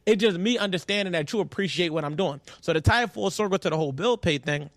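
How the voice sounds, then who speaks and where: A man co-hosting a casual podcast, speaking candidly and profanely as he gives blunt relationship advice and tells lively stories. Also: high voice, quick pace, no echo. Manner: lively storyteller. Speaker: podcast co-host.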